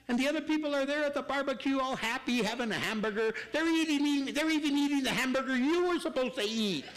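An older man preaching as pastor, animated and acting out people in quick asides. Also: very high-pitched, poor audio. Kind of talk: sermon.

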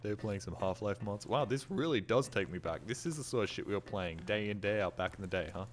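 Over the gunfire and clicks of the game, plus faint music, a man gives live commentary as he plays. He speaks quickly in a lowish, expressive voice, cracking jokes, cursing often, and yelping whenever he gets startled.

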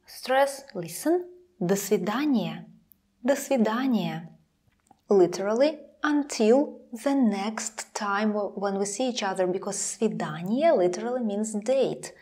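A young woman with a Russian accent giving a pronunciation lesson, saying each example slowly twice and sometimes dropping to a whisper. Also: mid-range voice, warm tone. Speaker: Russian language teacher.

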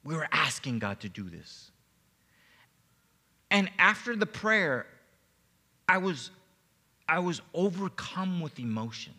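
A man's voice: on the high side, sing-song, takes it slowly, pauses often, pushed and bright. A man preaching a sermon as pastor, telling a personal testimony with emotion and stumbling repeats. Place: church sanctuary. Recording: long reverb of a church hall.

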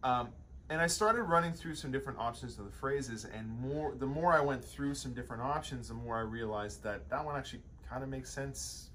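A man's voice: mid-range voice, a little fast, fairly bright tone, slight background noise. A young man teaching a drum lesson, explaining sticking patterns in a loose way with many fillers and restarts.

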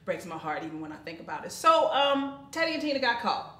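A woman, co-hosting a faith and family talk show and telling a story with animated, dramatic flair. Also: on the high side, quick pace. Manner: animated, dramatic retelling with loud shrieks. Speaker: podcast co-host. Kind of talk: casual storytelling. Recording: echoey room.

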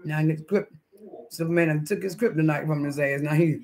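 A man's voice: fairly high pitch, fairly even intonation, fairly quick, gravelly. A man hosting a casual live stream, chatting and reading the chat aloud as he eats breakfast, laughing often. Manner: laughs often, with sudden loud outbursts.

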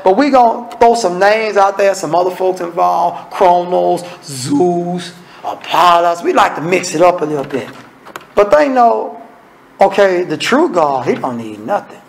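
A man preaching an evening sermon with a Southern US accent, swinging between low murmurs and emphatic high exclamations. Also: vocal fry, rough recording. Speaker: minister.

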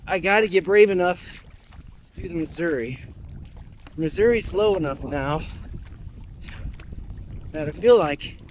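A man vlogs while paddling a kayak on a river, training for a river race and chatting casually as he thinks aloud, rambling with lots of fillers and asides. His voice sits high with lively intonation, his pace is a little slow with frequent pauses, and there's a slight hiss or hum in the recording.

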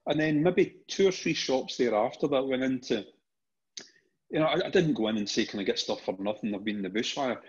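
A man's voice: mid-range voice, fairly quick, breathy edge. A middle-aged Scottish man, a podcast guest, telling stories casually with lots of restarts and repeated words. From Scotland. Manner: animated anecdotes with frequent restarts and repeated words. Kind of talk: casual storytelling. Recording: dull lo-fi podcast audio.

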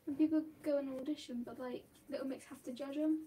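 High-pitched girl chiming in from afar. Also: fairly even intonation, quick pace, dark tone. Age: teen. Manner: eager, chatty, interjects. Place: home. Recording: distant voice with faint background noise.

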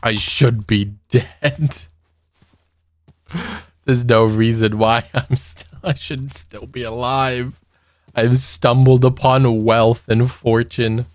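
A man's voice: medium pitch, fairly even intonation, takes it slowly, dry recording. A young man giving casual let's-play commentary, nervous and giggly, talking to the monsters he meets. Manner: nervous, giggly, talks to mobs. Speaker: gaming youtuber.

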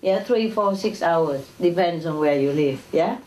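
A woman's voice: on the low side, measured pace, darkish tone. A woman giving an informal spiritual lecture to an audience, talking conversationally with chuckles and tag questions like "you know". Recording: echoey hall, distant mic, faint noise.

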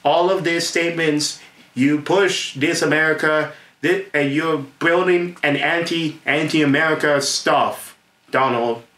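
Host, male, bright edgy voice, rambling excited rant, echoey room, camera mic. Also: fairly high pitch, unhurried. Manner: excited, repetitive, laughs often, stumbles over names.

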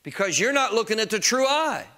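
Emphatic high-voiced preacher. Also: male voice, very animated, a little fast. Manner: emphatic preaching, rising to shouts on key phrases; conversational asides to the congregation. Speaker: pastor. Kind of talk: sermon.

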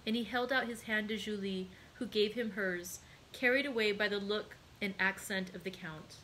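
A woman, a library host, narrating a classic novel in a steady, clear reading. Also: mid-range voice, normal speed, slight background noise, poor audio.

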